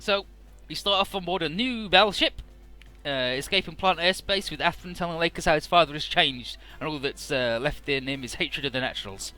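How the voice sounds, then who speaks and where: A chatty man recaps a game's plot in a relaxed let's-play style, peppering it with fillers. His voice sits a bit high and sounds bright and sharp. Quiet game music runs behind him. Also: brisk. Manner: chatty, fills with "uh" and "he's like". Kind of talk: casual game story recap.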